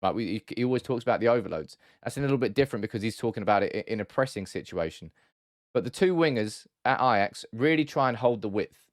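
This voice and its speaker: Talking fast and with plenty of animation, a lowish-voiced man hosts a football analysis video. He breaks down tactics casually, often restarting and correcting himself. The sound is dry and studio quality.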